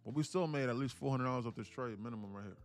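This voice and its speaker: A man's voice: mid-range voice, racing, faint music behind. Profane New York man hosting a trading stream. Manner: loose, profane street slang, repeats phrases in chant-like runs. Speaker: day-trading livestream host. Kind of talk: casual live-stream commentary.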